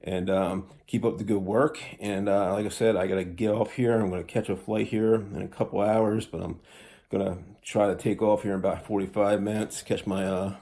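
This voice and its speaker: A man's voice: on the low side, fairly even intonation, moderate pace, warm tone. A man giving a casual recorded farewell message to a show, rambling with many fillers and restarts. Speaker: guest sending a recorded message.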